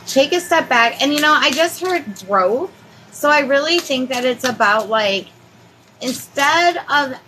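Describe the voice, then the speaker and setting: A woman's voice: medium pitch, a bit bright. Soothing tarot-reading woman, noisy background. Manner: soothing, reassuring, rambling with many fillers. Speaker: tarot reader.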